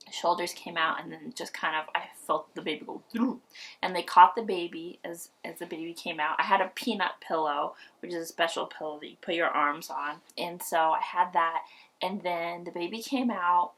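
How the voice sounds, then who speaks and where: A woman vlogger telling a personal story in a candid, chatty way, acting out quoted lines with big jumps in pitch. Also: moderate pace, fairly bright tone, recorded from a distance. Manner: candid and chatty, addresses viewers directly. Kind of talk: casual storytelling.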